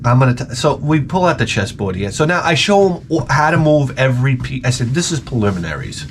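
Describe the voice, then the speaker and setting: Animated ranting man, rambling and profane. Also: medium pitch, brisk, noisy background. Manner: rambling, profane comic storytelling. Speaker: retro gaming YouTuber. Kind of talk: casual rant.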